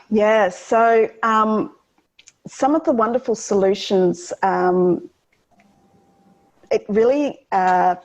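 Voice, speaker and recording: A woman guest in an interview, explaining calming techniques for children in an earnest, teacherly way, often pausing with ums and restarting her sentences. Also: mid-range voice, poor audio. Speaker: guest educator on children's wellbeing.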